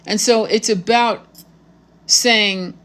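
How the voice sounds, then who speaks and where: A woman's voice: mid-range voice, fairly even intonation, slow pace, a bit bright. A woman with a mid-range voice, speaking in a loose monologue straight to her viewers. She reads tarot and talks bluntly and confrontationally, swears freely and uses spiritual terms. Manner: spiritual vocabulary. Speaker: tarot reader. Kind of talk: casual monologue to camera.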